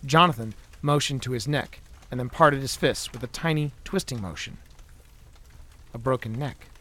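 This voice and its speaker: A man narrating his own adventure story in an even, measured way, recorded close to a studio mic. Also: mid-range voice. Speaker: author and narrator. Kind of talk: scripted audiobook narration.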